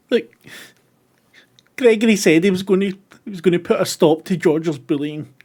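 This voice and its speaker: A man's voice: high-pitched, a little mellow, breathy edge. A man voicing a frightened young maid who is sobbing and stammering, in a tabletop game. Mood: tearful. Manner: halting, tearful, stammering.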